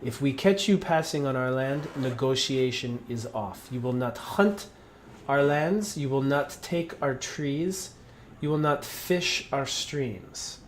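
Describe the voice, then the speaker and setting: A man voicing a stern, threatening male tribal chieftain who speaks slow, curt, broken English. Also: medium pitch, a little hiss or hum, lightly acted.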